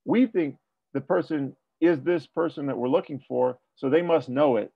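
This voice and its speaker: A man's voice: a little high, moderate pace, gravelly, breathy edge, no echo, narrow, tinny audio. A man working as a police tactics trainer, talking through a debrief and asking rhetorical questions. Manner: explanatory, asks rhetorical questions.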